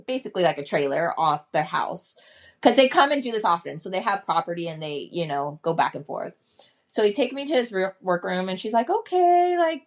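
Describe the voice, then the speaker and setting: 女性 ゲストの女性、生き生きした語り口. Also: female voice, mid-range voice. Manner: animated, acts out quoted voices. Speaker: podcast guest. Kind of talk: casual storytelling.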